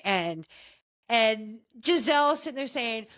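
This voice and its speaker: A woman's voice: on the high side, expressive, measured pace, a bit bright. A woman hosting a podcast, chatting casually and gossipily through a reality show recap with many restarts. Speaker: podcast host.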